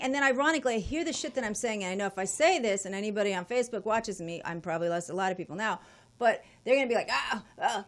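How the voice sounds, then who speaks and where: A woman guest telling a long travel story in a casual, profane, animated way. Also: a little high.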